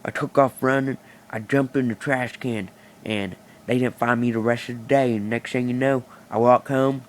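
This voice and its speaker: A man's voice: mid-range voice, steady tone, moderate pace, a little hiss or hum. A man telling a rambling, profane, boastful improvised stand-up story into a phone. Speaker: amateur comedian.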